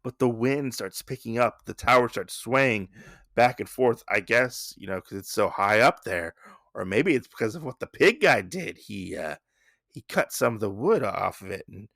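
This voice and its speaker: A man's voice: on the low side, animated, moderate pace, gravelly, a bit bright, no echo, clean studio sound. A man hosting a podcast, casually recapping a comic in a rambling way full of fillers and restarts. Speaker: podcast host.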